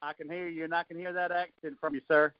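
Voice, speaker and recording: A man in his fifties with an English accent hosts a team conference call, teasing and rambling with plenty of ums and uhs. His voice sits a bit high for a man. The sound is muffled and dry, like a phone line. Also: flat delivery, fast talker, clear, resonant tone, no echo. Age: 50s. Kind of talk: casual chat, jokey introduction.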